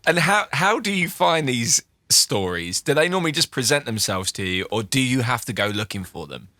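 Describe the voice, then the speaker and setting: A man's voice: mid-range voice, sing-song, normal speed, sharp tone, dry recording, studio quality. A man co-hosting a podcast, chatting casually, laughing often and restarting his sentences. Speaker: podcast co-host.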